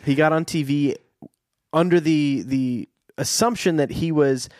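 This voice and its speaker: A man's voice: fairly high pitch, a little slow, darkish tone, no room sound, studio quality. A man co-hosting a casual podcast chat, rambling and wry, often correcting himself mid-sentence. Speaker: podcast co-host.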